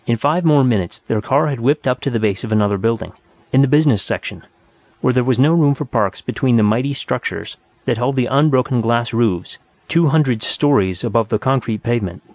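A man reads a story aloud in a steady, measured way, with a mid-pitched voice. The recording is dry and close, with no room sound. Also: no room sound. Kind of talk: audiobook narration.

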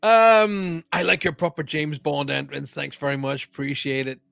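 A man's voice: fairly high pitch, fairly even intonation, normal speed, creaky, a bit bright, no echo. A man hosting a live chat show as a psychic medium, chatty and upbeat, greeting viewers by name as he talks. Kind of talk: casual live-stream chat.

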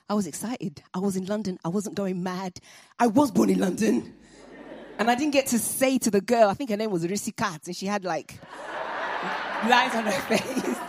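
A woman telling a personal story to an audience, animated and comic with laughing asides. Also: mid-range voice, no room sound, clean studio sound.

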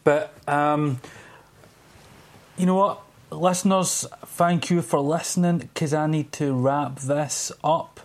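A man's voice: fairly high pitch, steady tone, slow. A man hosting a podcast, chatting casually, laughing easily and swearing now and then. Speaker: podcast host. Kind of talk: casual conversation.

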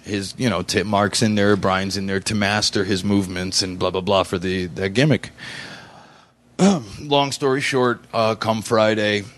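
A man's voice: fairly low pitch, little pitch movement, measured pace, a bit bright. A man in his forties telling a story in casual chat, rambling with fillers and restarts. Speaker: podcast guest.

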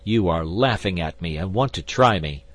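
Anxious young swordsman, husky and raised in pitch, all pleading alarm, as a male reader puts him on. Audiobook reading. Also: big pitch swings, a little slow, full character voice.

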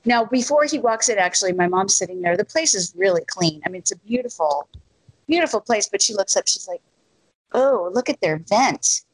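Middle-aged woman, casual storyteller, animated, acts out quotes, dry close recording. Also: medium pitch, a little fast, slightly rough, dry recording, low-quality recording.

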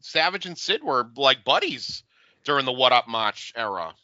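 A man's voice: medium pitch, sing-song, normal speed, sharp tone, no echo, highs cut off. A man co-hosting a podcast, chatting casually with wry, playful remarks and trivia. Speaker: podcast co-host. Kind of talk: casual chat over a video.

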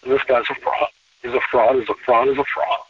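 A man talking as a podcast guest in a relaxed conversational interview, emphatic and repeating phrases to drive points home. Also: medium pitch, fairly quick, husky. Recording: distant, tinny phone-line sound.

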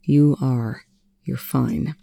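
A reader voicing a calm, commanding male officer who speaks quietly and slowly. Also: gravelly. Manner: quiet, low and slow.

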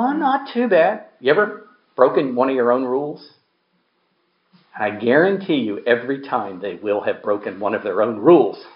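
A man's voice: high-pitched, echoey room, muffled recording. A man preaching a sermon in a conversational way, asking the congregation questions and acting out quotes. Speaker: pastor.

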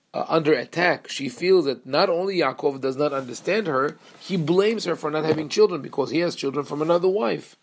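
A man teaching a Torah lesson as a rabbi, earnest and explanatory, pausing and restarting often. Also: fairly high pitch, gravelly.

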